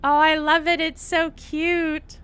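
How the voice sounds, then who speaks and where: Slow, bright-voiced young woman streamer. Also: high-pitched, level tone. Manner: chatty, reads and answers viewer comments. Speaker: livestream host. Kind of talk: casual livestream chat.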